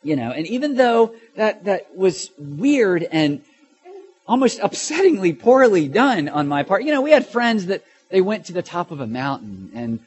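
Middle-aged guy preaching, tells stories all animated, goes loud then hushed, stammers and restarts a lot, kinda high voice. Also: moderate pace, slightly rough, faint music behind. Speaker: pastor. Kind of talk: sermon with personal story.

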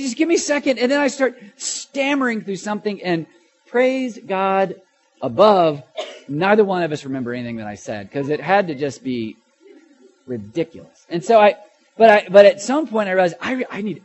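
Middle-aged guy preaching, tells stories all animated, goes loud then hushed, stammers and restarts a lot, kinda high voice. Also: moderate pace. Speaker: pastor. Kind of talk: sermon with personal story.

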